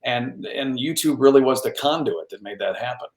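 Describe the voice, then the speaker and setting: A man, a radio news anchor, telling stories as a guest in a casual interview, animated and self-deprecating with plenty of restarts. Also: medium pitch, normal speed. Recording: roomy echo on the voice.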